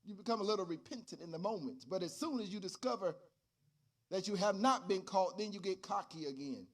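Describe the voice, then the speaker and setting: High-voiced pastor preaching a lively sermon. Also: male voice, brisk. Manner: animated, rising to shouts. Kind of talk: sermon with storytelling.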